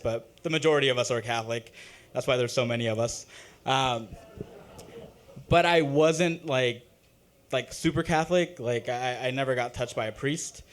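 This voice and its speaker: A young man performing a halting, self-deprecating open-mic stand-up set, full of ums and uhs. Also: mid-range voice, a bit bright. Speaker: stand-up comic. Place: open-mic comedy stage.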